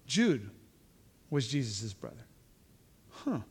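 A man's voice: mid-range voice, very animated, slow, a little mellow, slightly rough. A man giving an informal verse-by-verse Bible teaching, talking conversationally with frequent asides and restarts.

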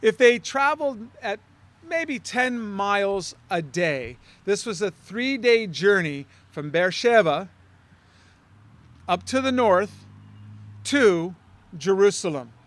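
High-voiced man teaching a Bible study. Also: expressive, slow, fairly bright tone. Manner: conversational, asks the listeners questions.

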